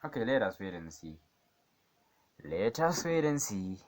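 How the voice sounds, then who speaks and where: A day trader narrates his screen in casual live commentary, rambling through a trade and questioning himself as he swings between calm analysis and excited outbursts. He speaks at a measured pace in a voice on the low side.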